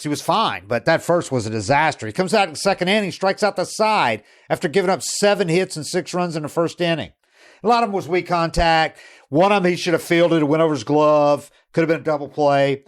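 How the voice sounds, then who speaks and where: A man's voice: on the high side, expressive, fairly quick. Chatty male baseball podcast host. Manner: rambling, with frequent restarts and quoted asides. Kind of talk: casual sports talk.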